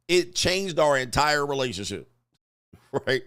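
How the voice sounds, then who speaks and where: A man telling a rambling high school story in casual commentary, swearing, laughing often and acting out what people said. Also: moderate pace, no echo, clean studio sound. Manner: animated, profane, laughs often, acts out quotes. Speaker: commentary streamer.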